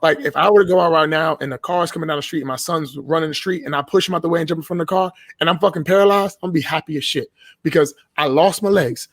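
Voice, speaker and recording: A man tells his stories with blunt, profane emphasis. His voice sits a little high for a man. The sound is dry and close, with no room around it. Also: fast talker, no echo. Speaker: podcast guest. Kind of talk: casual podcast chat.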